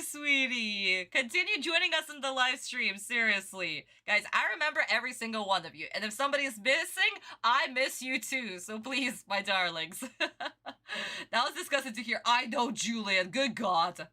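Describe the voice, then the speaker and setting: Bubbly woman streamer, high, bright voice, swoops up and down, laughs a lot. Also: lively intonation, moderate pace. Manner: gushing, laughing, greets chat with pet names. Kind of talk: live reaction stream chat.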